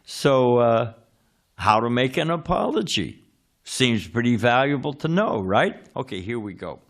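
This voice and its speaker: In a temple hall, a man teaches a scripture class in a mid-range, sing-song voice, speaking a little slowly. The sermon is conversational: he poses questions to his listeners and sometimes searches for words.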